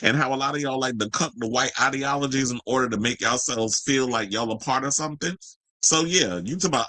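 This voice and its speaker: A man's voice: animated, moderate pace, hardly any pauses, pushed and bright, no echo, poor audio. A man hosting a celebrity gossip podcast, reading the news and then breaking into brash, profane, sassy rants. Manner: brash, profane and sassy, jumping to high exclamations. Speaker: podcast host. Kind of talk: unscripted celebrity gossip commentary.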